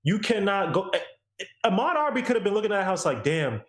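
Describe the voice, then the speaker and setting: A man's voice: high voice, big pitch swings, racing, roomy sound. A man co-hosting a podcast, ranting in an emphatic, repetitive, slangy way during casual opinion chat. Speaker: podcast co-host.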